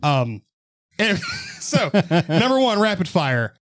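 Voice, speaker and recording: Young male co-host, casual and profane, higher speaking voice, dry close mic. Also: very animated, takes it slowly, a bit bright, no echo. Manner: loose, joking, swears freely, explains medical detail. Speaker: podcast co-host.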